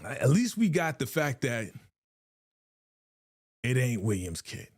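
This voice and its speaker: A man's voice: medium pitch, takes it slowly, dry recording, studio quality. A man hosting a live reaction stream in a casual, slangy way, repeating phrases and sighing often. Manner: animated, slangy, repeats phrases, frequent sighs.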